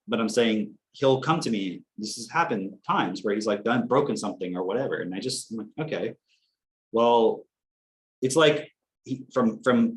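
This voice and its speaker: A young man on a casual podcast, telling animated stories, acting out quotes and swearing casually. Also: mid-range voice, a little hiss or hum. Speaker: podcast co-host.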